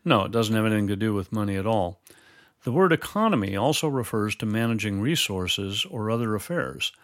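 A man teaching Bible doctrine in a measured, explanatory way, quoting scripture formally. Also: on the low side, lively intonation, a bit bright, no room sound, clean studio sound. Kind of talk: scripted theological dialogue.

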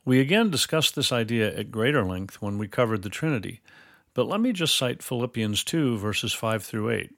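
A man teaching Bible doctrine in a measured, explanatory way, quoting scripture formally. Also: medium pitch, animated, a bit bright, no echo, studio quality. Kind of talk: scripted theological dialogue.

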